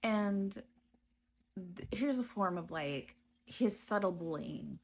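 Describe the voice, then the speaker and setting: A woman giving a personal testimony about her past, speaking slowly and hesitantly with frequent pauses and restarts. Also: medium pitch, expressive, slight background noise. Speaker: storyteller recounting her past.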